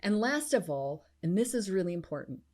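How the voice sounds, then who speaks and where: A middle-aged woman talks through her solo business podcast with a bubbly, encouraging manner. Her pitch swoops widely, and she jumps up high into cheers. She sounds like a coach urging listeners on. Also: big pitch swings, brisk, darkish tone. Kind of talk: enthusiastic solo podcast talk.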